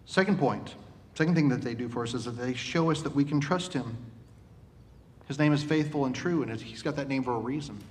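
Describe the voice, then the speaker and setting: A man preaching a sermon. He recites a poem slowly, then talks conversationally with asides. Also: darkish tone. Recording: reverberant hall with faint rumble.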